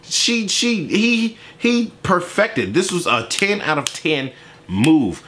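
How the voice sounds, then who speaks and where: A man's voice: sits high, sing-song, slow, bright, forceful tone. A young man hosting a reaction video, giving casual, profane, joking play-by-play commentary. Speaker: YouTube reaction host.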